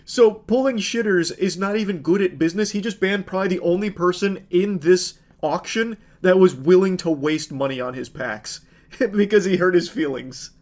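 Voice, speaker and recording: A man's voice: high-pitched, normal speed, a little mellow. A man giving sarcastic, incredulous comedic commentary on video clips.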